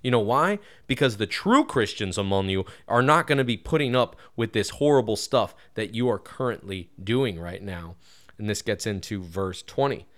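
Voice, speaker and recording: A man who preaches at a Baptist church gives a casual, earnest Bible lesson. He grows louder and higher when stressing a point. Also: expressive, moderate pace. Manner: casual and earnest, with frequent "you know" fillers. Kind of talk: conversational Bible teaching.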